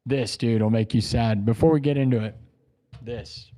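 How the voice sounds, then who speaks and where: A man's voice: medium pitch, steady tone, normal speed, mellow. Grieving man chatting on a live stream. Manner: rambling, emotional, repeats phrases, says dude and bro. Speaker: live streamer and improv musician. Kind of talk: casual live-stream chat.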